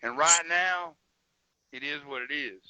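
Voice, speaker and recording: A man's voice: on the high side, measured pace, sharp tone, no echo. A man arguing as a guest on a livestream, defensive and sarcastic, cursing back. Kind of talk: heated livestream argument. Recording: dull lo-fi call audio.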